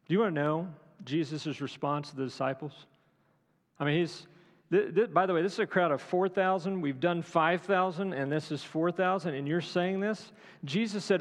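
A man's voice: a little high, moderate pace. A middle-aged man preaching a sermon as a conversational, humorous story, often checking in with the audience. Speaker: pastor. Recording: long hall reverb.

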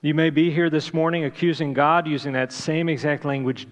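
A man's voice: on the high side, fairly even intonation, a little fast, muffled recording. A man preaching a sermon, emphatic, asking rhetorical questions and repeating his key points. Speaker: pastor. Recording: long reverb of a large hall.

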